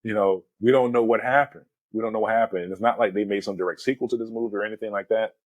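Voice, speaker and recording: Low-voiced man telling a movie story. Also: fast talker, no echo. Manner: animated storyteller, peppers talk with "man" and "you know". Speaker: movie podcast host. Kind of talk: casual movie discussion.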